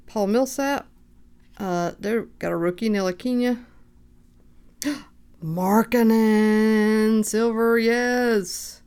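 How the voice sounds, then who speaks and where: A woman hosting a card break, calmly reading out player names and getting excited at good pulls. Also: a little high, clean tone. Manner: unhurried, reads names aloud, bursts of excitement. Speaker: card shop host opening packs. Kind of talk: casual card-breaking commentary.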